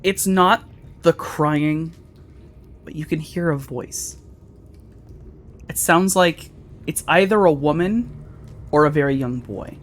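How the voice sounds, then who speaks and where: A man running a tabletop role-playing game as game master, narrating calmly. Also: on the high side, takes it slowly, pauses often, slight background noise.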